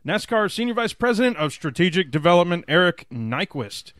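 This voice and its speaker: A man's voice: sits high, very animated, fairly quick, a bit bright, dry recording, studio quality. A man co-hosting a racing podcast, chatty and upbeat, laughing often. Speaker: podcast co-host. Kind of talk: casual chat.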